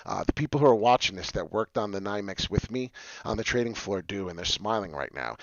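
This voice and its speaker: A man hosting a casual crypto livestream, talking in an excitable, rambling way with frequent swearing. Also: on the low side, gravelly, no room sound, dull audio. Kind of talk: casual live chart talk.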